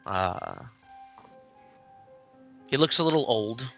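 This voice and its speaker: A man narrating a tabletop game as game master, slow and hesitant with many fillers. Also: mid-range voice, animated, fairly bright tone, highs cut off, soft background music.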